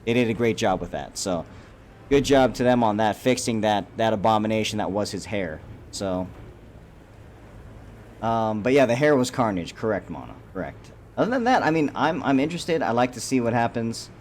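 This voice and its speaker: A man's voice: fairly low pitch, lively intonation, moderate pace, a little mellow, a little hiss or hum. A man giving a casual, profane, rambling reaction to a movie trailer, full of fillers and restarts. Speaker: YouTube commentator.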